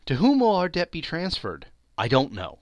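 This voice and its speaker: A man voicing a poor debtor husband in a storybook reading, speaking in a low, confiding way. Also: wildly swooping pitch, moderate pace, no echo. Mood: relieved.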